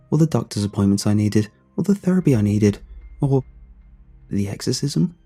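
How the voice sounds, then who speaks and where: A man narrating a first-person horror story in a measured, subdued reading. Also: mid-range voice, mellow, slightly rough.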